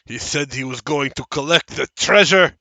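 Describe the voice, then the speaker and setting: A man voicing a strange, excitable male dwarf who speaks in loud, formal, clipped sentences. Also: a little high, moderate pace, gravelly, dry recording, voice pushed up. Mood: agitated.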